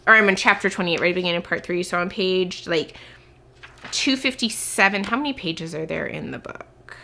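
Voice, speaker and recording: A woman's voice: on the low side, brisk, vocal fry, pushed and bright, a little hiss or hum. A young woman talking to camera in a book vlog, thinking aloud with lots of fillers, a little sick with a cough. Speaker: book vlogger. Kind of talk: casual chat to camera.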